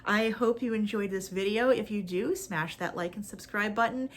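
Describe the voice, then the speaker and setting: A woman's voice: medium pitch, moderate pace. Woman, casual crafting chat, upbeat, chatty, mid-range voice. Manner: chatty, upbeat, with frequent fillers. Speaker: crochet pattern designer.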